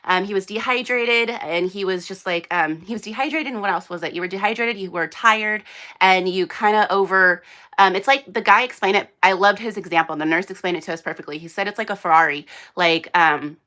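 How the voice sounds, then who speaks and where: Bright-voiced chatty young woman vlogger. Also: medium pitch, a little fast. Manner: chatty, rambling storytelling with many fillers. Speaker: host. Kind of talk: casual live unboxing chat. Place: small indoor room under hot lights.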